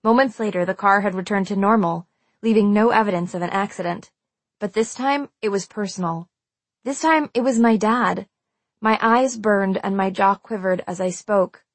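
A woman's voice: medium pitch, normal speed, dry recording. A woman reading a first-person novel aloud in a tense, emotional storytelling manner. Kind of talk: first-person audiobook narration.

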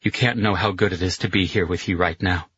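Man doing an earnest young man, quiet, very deep, husky. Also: steady tone, brisk, no echo, muffled recording, exaggerated voice.

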